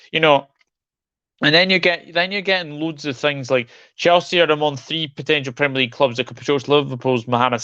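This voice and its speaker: A man's voice: mid-range voice, sharp tone, no echo. Frustrated male football streamer, dull dry sound. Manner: frustrated, repetitive, stumbling restarts. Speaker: football channel host. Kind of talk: live-stream football commentary.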